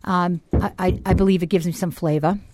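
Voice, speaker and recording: A woman's voice: fairly low pitch, steady tone, fairly quick, background noise. A middle-aged woman from Boston with a Boston accent, talking chattily as a guest on a radio interview show. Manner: chatty, self-deprecating, laughs easily. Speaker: school board candidate guest. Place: radio studio.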